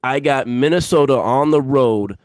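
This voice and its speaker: A man's voice: medium pitch, normal speed, no room sound, clean studio sound. A man co-hosting a sports podcast in casual banter, emphatic and repeating his picks for effect.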